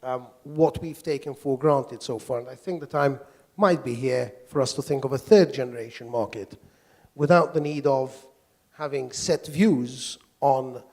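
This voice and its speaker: A man, a lawyer on a conference panel, speaking in a measured, formal way with frequent fillers and restarts. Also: mid-range voice, a little mellow. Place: conference workshop.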